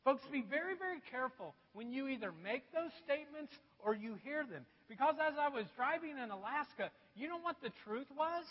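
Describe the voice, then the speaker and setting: A man with a strikingly high voice delivers a sermon, spinning a funny self-deprecating anecdote for his congregation. The sound is dull and muffled, and a long hall reverb trails behind each phrase. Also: animated, fairly quick, hardly any pauses. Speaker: pastor. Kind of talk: sermon with personal storytelling. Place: church.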